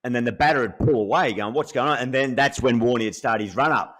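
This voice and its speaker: A man's voice: mid-range voice, quick pace, fairly bright tone. A middle-aged man, a former cricketer, recalling an old rival in earnest, reflective podcast chat.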